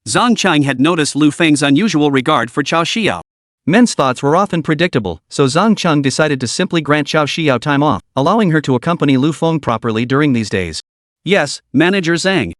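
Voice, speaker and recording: Male recap narrator, scripted storytelling, lively intonation, dead-dry booth. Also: a little high, no room sound.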